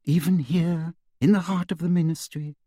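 A man's voice: a little high, fairly even intonation, normal speed, dark tone, dry recording, clean studio sound, pitched above the performer's own voice, lightly acted. A man voicing a prim, falsely sweet middle-aged woman official who speaks in a fussy, simpering way. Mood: sugary, prim.

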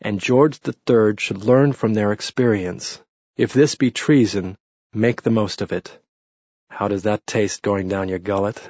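A man's voice: on the low side, measured pace, darkish tone, no room sound. A man voicing a bitter, witty redheaded Englishman who talks dryly and mournfully. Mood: sardonic. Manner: dry, mournful, sardonic. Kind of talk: audiobook character reading. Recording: muffled lo-fi recording.

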